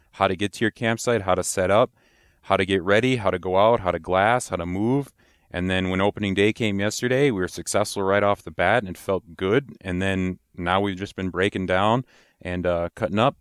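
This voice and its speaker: A man's voice: low-pitched, smooth, no room sound, studio quality. A man from Wisconsin, a guest in a casual interview, talking at length and laughing along.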